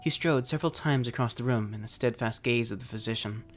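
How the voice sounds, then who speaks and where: A man, the channel's storyteller, giving a measured dramatic reading of a classic ghost story. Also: medium pitch. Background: faint music.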